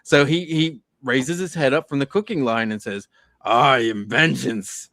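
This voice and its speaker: A man's voice: fairly high pitch, animated, normal speed, dry recording, clean studio sound. A man co-hosting a casual podcast, telling heartfelt stories and acting out quoted lines. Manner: earnest storytelling, acts out quotes. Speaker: podcast co-host.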